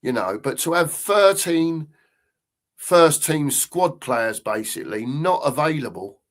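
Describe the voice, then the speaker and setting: A man's voice: fairly high pitch, animated, unhurried. An older man, chatting casually as host of a live fan stream, rambling and repeating himself as he reads out viewer comments.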